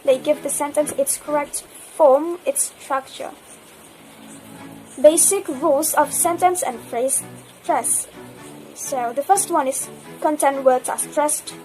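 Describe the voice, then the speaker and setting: Young woman, Indonesian accent, high voice, careful class presentation, self-correcting, soft background music. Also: takes it slowly, low-quality recording. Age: young adult. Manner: careful, restarts words mid-phrase. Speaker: student presenter.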